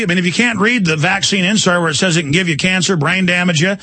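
A man's voice: high-pitched, quick pace, hardly any pauses, sharp tone, no echo. A middle-aged man hosting a radio talk show, ranting in a heated, combative way and hurling insults at listeners. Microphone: studio microphone.

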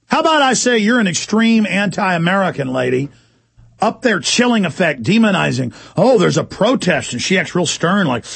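Angry talk radio guy ranting, sarcastic, gravelly voice, dry close sound. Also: a little high, very animated, fairly bright tone, no room sound. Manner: heated, rapid, sarcastic mocking asides. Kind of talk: angry political talk show rant.

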